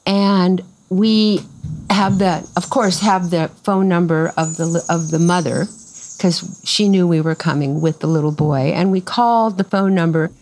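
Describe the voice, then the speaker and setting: A woman's voice: lowish voice, measured pace, rough recording. An older woman casually telling a long story in an interview outdoors on a farm, restarting sentences and acting out what people said. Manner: lively, acts out quoted voices, rambling restarts.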